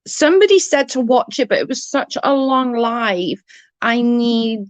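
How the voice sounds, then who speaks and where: A woman hosting a casual live stream, chatting with viewers and reading their messages, blunt and quick to swear when annoyed. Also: fairly high pitch, no room sound. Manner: chatty, reads and answers chat messages. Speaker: livestream host.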